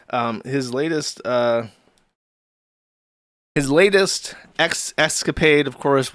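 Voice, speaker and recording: A male stream host in a crude, scornful rant, laughing at what he shows his viewers. His voice sits at a middling pitch and is recorded close and dry, with no room sound around it. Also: a bit bright, no echo. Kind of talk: ranting livestream commentary.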